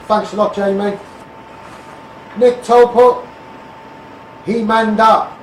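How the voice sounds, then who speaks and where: A man's voice: sits high, echoey room, recorded from a distance, a little hiss or hum, poor audio. A man with a Scouse accent from the Liverpool area, ranting bluntly on a phone live stream and calling everyone mate. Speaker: Facebook Live campaigner.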